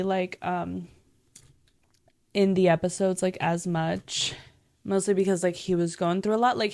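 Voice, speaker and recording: Young woman, gravelly, rambling casual chat. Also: lowish voice, no room sound, studio quality. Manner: rambling, profane, heavy use of "like". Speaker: podcast host.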